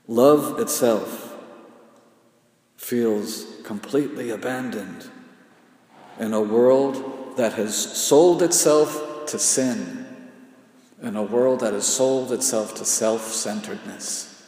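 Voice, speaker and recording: A man preaching a sermon in a slow, repetitive cadence with dramatic pauses, often sinking to a hushed intensity. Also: mid-range voice. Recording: echoey hall with long reverb.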